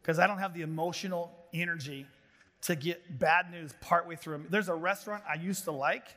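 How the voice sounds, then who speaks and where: Middle-aged pastor preaching, bright high voice, lots of funny stories, big echoey hall. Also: male voice, normal speed. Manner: animated storytelling with jokes. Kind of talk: sermon. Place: large hall before an audience of pastors. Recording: long hall reverb.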